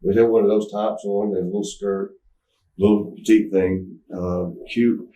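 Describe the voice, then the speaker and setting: A man's voice: on the low side, fairly even intonation, moderate pace, warm tone. A man telling a candid story in an interview, rambling with restarts and acting out what people said. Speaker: interview guest. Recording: roomy, mic at some distance.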